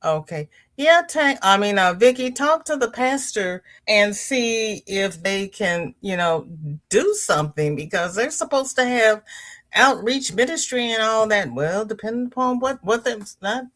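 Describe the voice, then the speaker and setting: A woman's voice: expressive, unhurried, a bit bright. A woman hosting a crochet livestream, chatting casually, greeting viewers by name and reading their comments aloud. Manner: leisurely, chatty, with pitch jumps on greetings.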